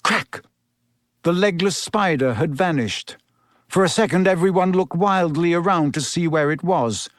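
A man's voice: a little high, normal speed, no echo, clean studio sound. A man reading a story aloud as scripted narration, delivering it expressively and slipping into voices for the characters.

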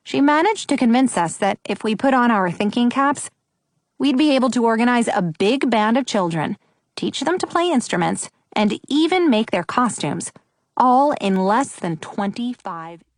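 A woman reads a children's story aloud in the first person, friendly and expressive. Her pitch rises and falls in a lively way, and the recording is dry and close to the mic. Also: normal speed, no echo. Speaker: audiobook narrator.

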